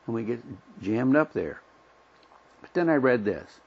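A middle-aged man leads a Bible study in a folksy, plain-spoken way, acting out little conversations as he goes. His low voice is gravelly and husky. The recording sounds dull and lo-fi. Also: normal speed, long pauses, a little mellow. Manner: folksy, plain-spoken, acts out everyday dialogue. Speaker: Bible teacher.

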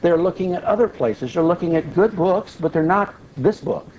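A man's voice: high-pitched, expressive, moderate pace, darkish tone, dull audio, slight background noise. A man preaching and explaining a Bible passage verse by verse, asking questions and answering them himself. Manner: explains verses step by step, asks and answers his own questions. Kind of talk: Bible teaching sermon.

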